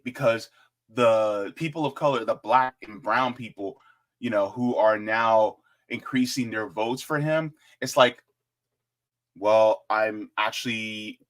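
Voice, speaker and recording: A man hosting casual political commentary, joking and talking straight to his viewers. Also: mid-range voice. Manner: joking, animated, talks to viewers directly.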